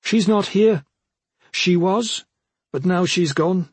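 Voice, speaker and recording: A stern, menacing old woman in black, as a male narrator puts her on in an audiobook. She talks in a cold, measured way, pitched well above his own voice, with a slightly husky edge. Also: no echo, exaggerated voice. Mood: threatening.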